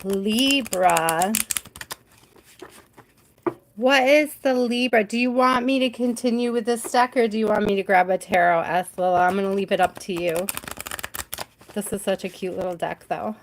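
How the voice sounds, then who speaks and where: A woman's voice: medium pitch, moderate pace, pauses often, noisy background. A woman hosting a live tarot reading stream, chatty and giggly, often trailing off mid-thought.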